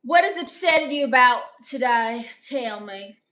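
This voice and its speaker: A woman's voice: sits high, animated, unhurried, pushed and bright. A young woman live-streaming, reading viewer comments aloud and firing back sassy, brash comebacks.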